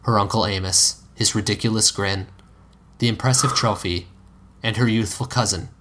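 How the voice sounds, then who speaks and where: A man narrating a story in a somewhat low voice, steady and even, now and then stopping to correct a word. It sounds like a hobby reading of fan fiction. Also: moderate pace, background noise.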